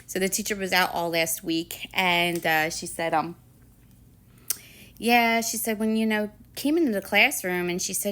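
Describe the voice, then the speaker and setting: A woman's voice: mid-range voice, unhurried, a bit bright. Chatty woman telling a school story. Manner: chatty, rambling retelling full of "you know" and "like"; slips into quoted voices for others. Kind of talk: casual storytelling vlog.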